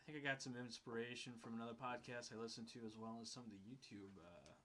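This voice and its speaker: A young man in his twenties talks in a relaxed podcast chat, his pitch sitting in an ordinary middle range. He rambles a little, stopping and restarting with plenty of fillers. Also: quick pace. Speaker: podcast co-host. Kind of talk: casual chat.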